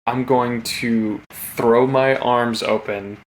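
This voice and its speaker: A man playing a tabletop game, describing his character's actions in a relaxed, playful way. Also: fairly low pitch, measured pace, gravelly, a little hiss or hum. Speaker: player.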